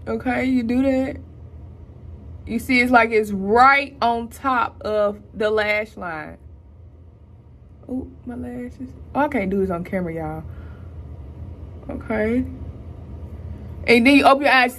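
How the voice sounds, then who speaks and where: Chatty high-voiced young woman vlogger. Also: slow, pauses often, fairly bright tone. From Houston, Texas. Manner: chatty, talks straight to viewers with lots of "y'all". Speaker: beauty vlogger. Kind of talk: casual get-ready-with-me tutorial. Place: at home, indoors.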